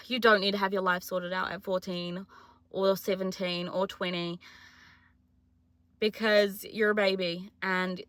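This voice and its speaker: A woman's voice: mid-range voice, little pitch movement, unhurried, long pauses, a bit bright, no room sound. A twenty-year-old woman with a New Zealand accent, talking in a chatty, self-mocking, jokey way in a casual confessional vlog. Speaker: vlogger.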